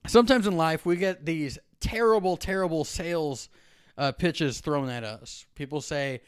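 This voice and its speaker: A man with a somewhat high, clean, resonant voice gives a weekly devotional. He tells a personal story in a lively, animated way and laughs often. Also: moderate pace, clean tone. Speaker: preacher. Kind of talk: devotional talk.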